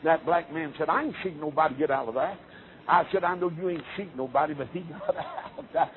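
A man's voice: on the high side, a little fast. Man preaching a fervent revival sermon, lo-fi recording with faint hiss. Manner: fervent, rising to shouts with many uh fillers. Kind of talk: Southern revival sermon storytelling. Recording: tinny lo-fi phone-like sermon recording.

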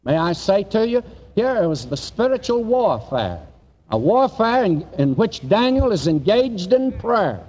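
An older man delivers a sermon in a somewhat high voice that rises and falls with lively swings. He reads scripture in an old-fashioned cadence and puts questions to his listeners. The recording sounds dull and lo-fi, with long reverb from a large hall. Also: unhurried. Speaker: preacher.

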